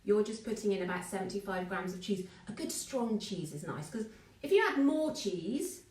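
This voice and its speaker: A woman's voice: mid-range voice, animated, moderate pace, a little mellow. A woman running a live online baking class, chatting and greeting viewers by name as she mixes. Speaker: baking teacher. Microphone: phone. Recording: echoey room, distant mic.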